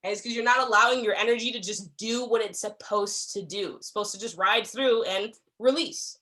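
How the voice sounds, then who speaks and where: Young woman running a staff training, bright voice a bit on the high side, chatty, keeps asking okay?. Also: brisk. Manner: conversational, frequent "okay?" check-ins; acts out quoted exchanges. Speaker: workplace trainer.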